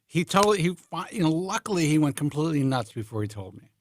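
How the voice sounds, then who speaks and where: A man's voice: fairly high pitch, very animated, quick pace, a little hiss or hum. A man co-hosting a call-in show, telling stories in blunt, profane casual chat. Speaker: co-host.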